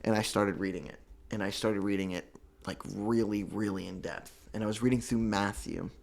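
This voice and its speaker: Young man, low voice, earnest halting testimony, repeats himself, emotional. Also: fairly even intonation, vocal fry. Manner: earnest, halting, repeats words, fights tears. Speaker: guest telling his recovery story.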